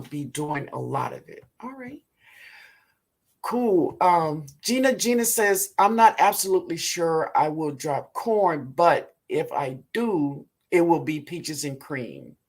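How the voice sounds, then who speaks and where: A woman with a New Orleans accent hosting a live gardening show, reading viewer comments aloud in a relaxed way and calling people baby. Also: low-pitched, gravelly. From Louisiana, US. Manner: calls viewers baby, laughs often. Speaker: gardening livestream host.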